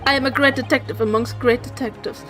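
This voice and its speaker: A woman voicing a pompous, boastful male detective who speaks in a grand, slow, theatrical way. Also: high-pitched, fairly even intonation, a bit bright, faint music behind.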